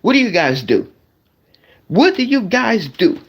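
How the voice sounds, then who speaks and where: A man's voice: high-pitched, unhurried, breathy edge, dull audio. Male streamer doing a comic rant to his chat, voice swinging up and down a lot, keeps repeating himself. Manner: animated, repetitive, addresses the audience directly. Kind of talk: comedic rant to a live chat.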